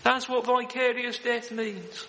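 A man's voice: very high voice, fairly even intonation, slow, bright, forceful tone, big-room sound, a little hiss or hum, poor audio. A man preaching a sermon in a solemn, earnest manner, often calling out "oh" and "friends".

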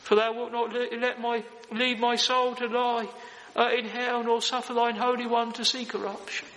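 A male preacher delivers a solemn, earnest sermon in a very high, bright voice that carries a lot of tension. His tone stays flat and even, and his words ring out with a long reverb in a large church hall. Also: normal speed, slight background noise.

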